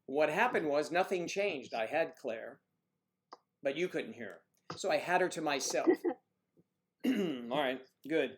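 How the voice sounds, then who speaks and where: An American man hosting a casual livestream, rambling and often clearing his throat while he fiddles with the audio. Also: fairly high pitch, expressive, measured pace, a little hiss or hum. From United States. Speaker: livestream host.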